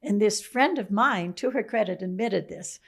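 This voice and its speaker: A woman guest tells a story in a reflective, musing way, pausing now and then to clear her throat. Her voice sits at an ordinary middle pitch. She sounds thoughtful rather than performed. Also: animated.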